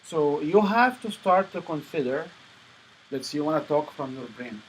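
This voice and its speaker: A man's voice: on the high side, expressive, moderate pace, slight background noise, low-quality recording. A man coaching a sales presentation workshop, firm and emphatic as he lectures.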